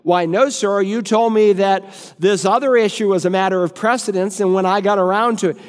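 A man's voice: high voice, steady tone, fairly quick, in a large hall, pitched above the performer's own voice, lightly acted. A man voicing a huffy, bossy female secretary who orders others about. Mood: defensive.

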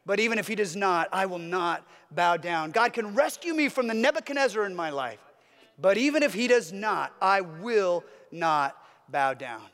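A man's voice: high voice, animated, moderate pace, a bit bright, long reverb tail. A man preaching a sermon as a pastor, earnest, with a repetitive, building cadence.

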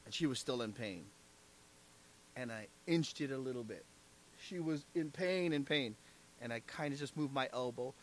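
A man's voice: medium pitch, animated, normal speed, pauses often, slight background noise. A man preaching a sermon as pastor, emphatic, often asking the congregation "right?" and "amen?".

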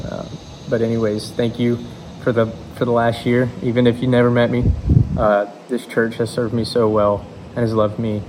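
A young man giving a halting church testimony, full of fillers and restarts. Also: medium pitch, level tone, noisy background. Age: young adult. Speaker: youth speaker.

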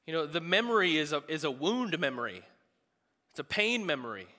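Bright-voiced preacher in a reverberant hall. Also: male voice, on the high side. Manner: conversational, animated preaching with quick asides. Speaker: pastor. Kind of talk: sermon.

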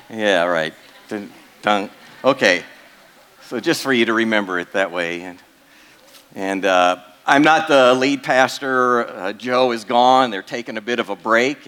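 A man's voice: on the low side, fairly bright tone. Joking, casual male preacher. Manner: joking, casual, with many fillers. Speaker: pastor. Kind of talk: sermon. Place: church.

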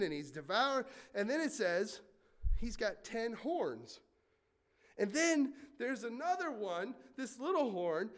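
High-voiced guy preaching a sermon, chatty and animated, throws in jokes. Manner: animated, conversational storytelling with asides and jokes. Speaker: pastor.

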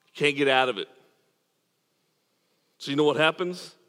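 A man's voice: fairly high pitch, moderate pace, sharp tone, long reverb tail. A man preaching a sermon as pastor, earnest and emphatic, repeating words as he drives points home. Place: church.

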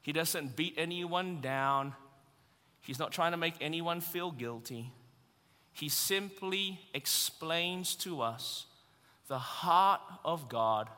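A man preaching a sermon with humour, building up to shouted emphasis. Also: mid-range voice. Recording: long reverb of a large hall.

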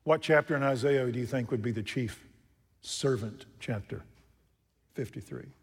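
A man preaching a sermon from the pulpit, jumping from loud emphatic lines to hushed asides and putting questions to his congregation. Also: mid-range voice, normal speed, breathy edge. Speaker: pastor. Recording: long reverb from a large hall.

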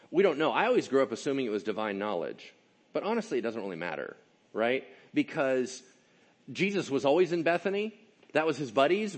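A man preaching a sermon in an animated, conversational way, often checking in with his listeners. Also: mid-range voice. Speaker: pastor.

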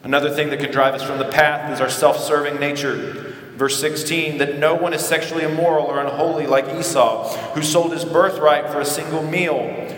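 A man preaching a sermon as pastor, acting out biblical figures in short dramatic asides and dropping low and quiet for emphasis. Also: flat delivery, moderate pace, a little hiss or hum. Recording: echoey hall with long reverb.

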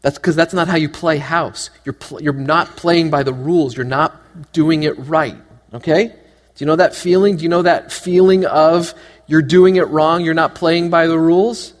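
A man preaching a sermon to his church, animated and joking, asking the congregation one question after another. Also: on the high side, normal speed. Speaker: pastor. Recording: long hall reverb.

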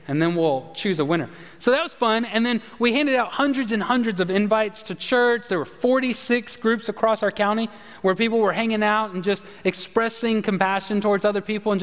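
In a church sanctuary, a pastor delivers a sermon to his congregation in a high, light voice, the long reverb of a large hall ringing around him. He tells his story conversationally, then drops low and quiet to drive his points home.

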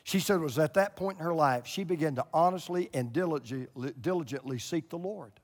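Male pastor in his sixties, fairly high voice, dramatic sermon delivery, loud peaks and hushed drops, long hall reverb. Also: fairly quick. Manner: dramatic, swings from loud exclamations to hushed low tones. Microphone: broadcast camera recording.

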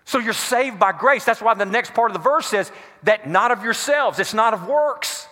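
A man's voice: sits high, lively intonation, normal speed, pushed and bright. A man preaching a sermon to a congregation, quizzing them with call-and-response questions. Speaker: pastor. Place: church hall before a congregation. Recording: echoey hall reverb.

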